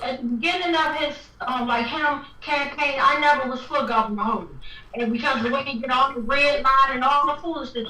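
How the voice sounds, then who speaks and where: A woman's voice: high-pitched, bright, forceful tone, far from the mic, a little hiss or hum. A woman hosting a livestream, venting with fiery emphasis. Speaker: livestream host. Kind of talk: impassioned livestream talk. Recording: echoey room, away from the mic.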